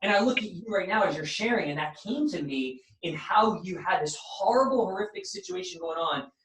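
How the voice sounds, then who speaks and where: A man's voice: sits high, very animated, fairly quick, vocal fry, fairly bright tone, a little hiss or hum. Preachy motivational man in a roomy space. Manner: preachy, builds up inspirational phrases. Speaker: podcast host and coach. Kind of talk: motivational talk. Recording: roomy, distant mic.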